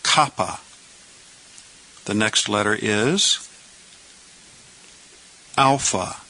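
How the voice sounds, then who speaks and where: A man teaching letters at a very unhurried pace, leaving pauses between each question and its answer. His tone is bright and forward, and he walks through each point step by step. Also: lowish voice, poor audio. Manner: asks questions, then answers them himself. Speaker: Greek teacher. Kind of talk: slow step-by-step language lesson.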